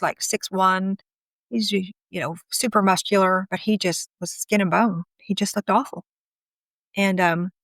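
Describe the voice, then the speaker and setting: A woman's voice: lowish voice, dry recording, studio quality. A middle-aged woman candidly telling a personal story in a chatty way, acting out what people said. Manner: candid, chatty, acts out quoted speech. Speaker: guest telling her story.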